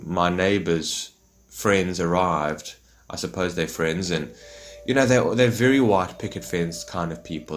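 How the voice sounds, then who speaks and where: Low-voiced rambling man musing. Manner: rambling, many fillers. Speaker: vlogger. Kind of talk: reflective monologue.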